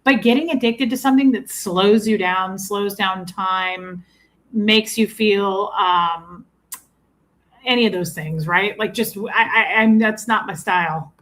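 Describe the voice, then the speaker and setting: A woman's voice: mid-range voice, a little slow, a bit bright. A woman in her forties co-hosting a livestream, chatting casually and bluntly, greeting viewers and swearing freely. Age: 40s. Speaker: co-host of a livestream. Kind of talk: casual chat reading viewer comments.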